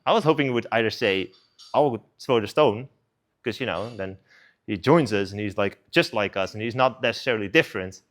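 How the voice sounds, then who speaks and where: A man's voice: fairly low pitch, expressive, a little fast, a bit bright. Man putting on an indignant Pharisee, impatient, demanding, churchy retelling. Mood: baffled. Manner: demanding, exasperated.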